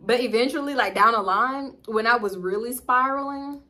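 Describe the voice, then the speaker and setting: A woman with a Southern US accent telling a casual storytime, slangy and profane, jumping in pitch as she acts out what others said. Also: normal speed. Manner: animated, acts out quoted dialogue with big pitch jumps; slangy, profane, addresses viewers as y'all. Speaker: storytime vlogger.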